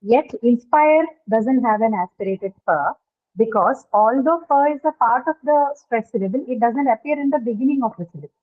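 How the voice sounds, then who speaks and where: Woman, phonetics teacher, higher voice, tinny phone-like line, explains and quizzes. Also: lively intonation, moderate pace. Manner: explains step by step, asks students questions. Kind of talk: online class lecture. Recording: tinny phone-like call audio.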